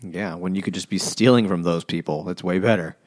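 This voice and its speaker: A man's voice: sits low, fairly quick, darkish tone. A man in casual podcast chat, wisecracking and tossing in absurd jokes with laughter.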